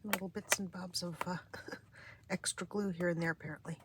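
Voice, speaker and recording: A middle-aged woman with a weak, craggy voice, chatting casually and softly, often half-whispering, as she flips through a craft journal at home. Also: lowish voice, moderate pace, heavy background noise. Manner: relaxed and meandering, with many fillers and restarts. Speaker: craft vlogger. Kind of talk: casual chat during a journal flip-through.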